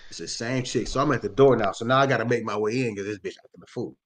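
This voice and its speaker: A man telling a story in casual podcast chat, animated and profane, acting out the voices of the people in it. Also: mid-range voice, fast, noisy background.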